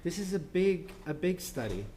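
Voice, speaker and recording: A man giving an informal parenting talk at a church, halting with many ums and restarts, dropping softly into quoted voices. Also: high-pitched, very animated, a little hiss or hum.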